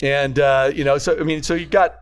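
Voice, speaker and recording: An older man, a grandfather, telling rambling family stories in casual chat and acting out quotes loudly. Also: a little high, steady tone, fairly quick. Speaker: podcast co-host.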